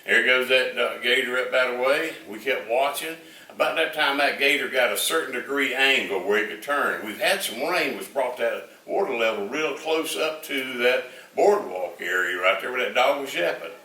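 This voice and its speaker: An older man with a Southern drawl spins a rambling, folksy yarn with plenty of fillers. His voice is bright, and he sits back from the mic in a roomy space with a faint hum underneath. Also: medium pitch, expressive, normal speed, far from the mic. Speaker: storyteller. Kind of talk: folksy storytelling.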